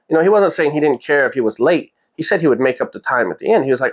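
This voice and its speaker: Brief: male vlog host, rapid casual storytelling, mid pitch, rambling. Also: expressive, lo-fi sound. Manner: rambling, full of "you know" and quoted dialogue.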